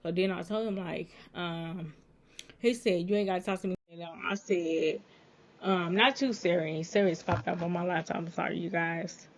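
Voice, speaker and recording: A woman's voice: fairly low pitch, steady tone, normal speed. A woman vlogging a casual storytime at home. She retells a text-message exchange line by line, switching back and forth between what he said and what she said. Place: indoors at home, with a laptop nearby.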